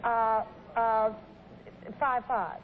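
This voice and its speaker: A woman's voice: fairly high pitch, little pitch movement, extremely slow. A woman bidding as a celebrity guest on a game show, hesitant and hedging with fillers. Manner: hesitant, with filler sounds before bids. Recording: tinny old broadcast, faint hiss.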